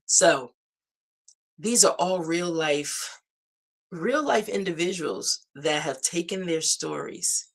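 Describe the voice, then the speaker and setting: Her voice is fairly low, expressive, slow, creaky and slightly rough. She's a middle-aged live morning-show host signing off her stream on an upbeat note, chatting encouragingly and addressing viewers as "guys."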